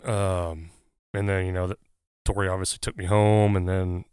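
A firefighter, telling a personal story in casual conversation, pausing often with fillers. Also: male voice, sits low, level tone, darkish tone, smooth, dry recording, studio quality. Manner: halting, many "uh" fillers, earnest. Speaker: guest, firefighter.

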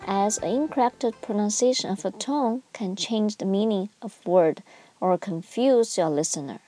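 A woman's voice: a little high, darkish tone, breathy edge, dry recording. A woman teaching a Mandarin lesson in English, patiently sounding out syllables and exaggerating each tone. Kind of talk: scripted language lesson.

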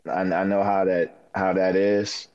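Very deep voiced guy on a podcast, stammers a bit, kinda muffled lo-fi sound. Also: level tone, crowd noise. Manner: halting, stammering replies. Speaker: podcast co-host. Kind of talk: casual chat. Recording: dull lo-fi sound.

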